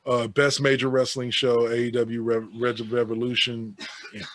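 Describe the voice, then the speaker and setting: A man's voice: mid-range voice, flat delivery, moderate pace, fairly bright tone. A man co-hosting a casual podcast, reading out a list of awards and adding sarcastic, offhand asides. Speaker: podcast co-host.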